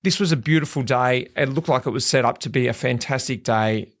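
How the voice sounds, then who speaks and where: A man hosting a podcast, chatty and animated as he tells stories. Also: medium pitch, a little fast. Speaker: podcast host, former pro cyclist. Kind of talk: casual podcast interview.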